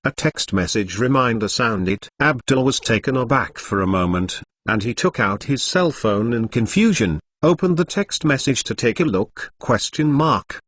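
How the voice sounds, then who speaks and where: A man's voice: mid-range voice, animated, normal speed, few pauses, a bit bright, slightly rough. Synthetic male voice reading a novel aloud. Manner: reads punctuation marks aloud; stilted, unnatural phrasing. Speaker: narrator. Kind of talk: machine-read web novel narration.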